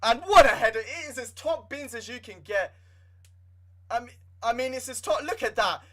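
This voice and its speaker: A young man giving live fan commentary on a football match, excitable and swinging from nervous muttering to shouting. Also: extremely high pitch, moderate pace. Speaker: livestream football watchalong host.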